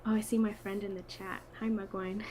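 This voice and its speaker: A woman's voice: mid-range voice, little pitch movement, moderate pace, warm tone, a little hiss or hum, low-quality recording. A young woman, an art student guest, chatting in a friendly and slightly shy way on a call. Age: young adult. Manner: friendly, a bit shy, laughs often. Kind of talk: casual video call chat.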